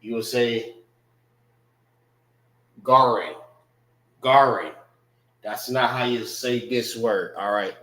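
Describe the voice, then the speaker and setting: An American man teaching a Hebrew class, slowly drilling pronunciation and checking in with "all right" and "know what I mean". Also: medium pitch, fairly even intonation, a bit bright, roomy sound, poor audio. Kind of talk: classroom language lesson.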